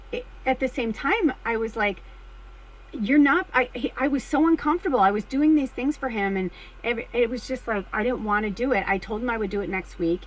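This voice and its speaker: A woman's voice: medium pitch, low-quality recording. A middle-aged woman who works as a spiritual medium, telling a personal story to her viewers in a candid, chatty way and swearing freely. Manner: chatty and candid, swears freely, gets excited and shrieks when retelling.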